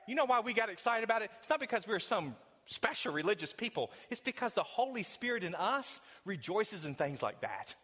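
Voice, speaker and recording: A male pastor preaching a sermon with dramatic swings from loud emphasis to hushed intimacy. His voice is high and bright, and a long reverb from the church hall follows every phrase. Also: big pitch swings, brisk, slightly rough.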